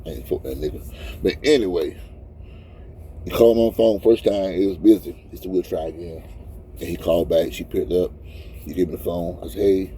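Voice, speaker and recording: A man's voice: low-pitched, steady tone, normal speed, pauses often, dark tone, slight background noise. A man in his fifties, crying as he talks in a rambling, heartfelt vlog from his truck cab. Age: 50s. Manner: rambling, heartfelt, repeats himself. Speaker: truck driver vlogger. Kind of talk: casual emotional vlog talk.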